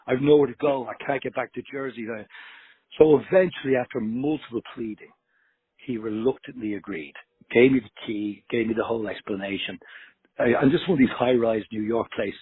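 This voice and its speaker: A man tells a story in a husky, rough voice, swearing freely and acting out every exchange. The sound is tinny and narrow, like a phone call. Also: mid-range voice, no room sound. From Ireland. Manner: animated, profane, acts out dialogue. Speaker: guest musician. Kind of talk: casual storytelling.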